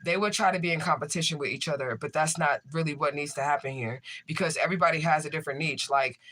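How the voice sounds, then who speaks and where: A man's voice: on the high side, fast, bright, forceful tone. A man, a tarot reader, chatting casually and profanely to his livestream viewers.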